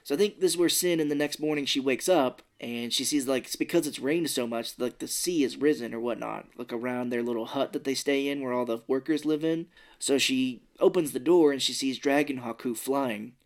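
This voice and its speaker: A man's voice: medium pitch, a little fast, few pauses. A man co-hosting a podcast, casually retelling a movie scene by scene, acting out quotes now and then. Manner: animated retelling with acted quotes and swearing. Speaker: podcast co-host. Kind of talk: casual movie recap chat.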